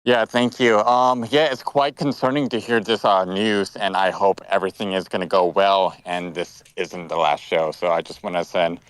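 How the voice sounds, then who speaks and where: A male caller with a very deep, smooth, resonant voice speaks politely and a little hesitantly. The sound is dry and close. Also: steady tone, moderate pace, hardly any pauses, no echo.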